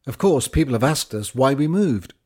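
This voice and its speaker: A middle-aged man from Britain calmly narrating his own Christian life story in a measured, reflective way. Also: medium pitch.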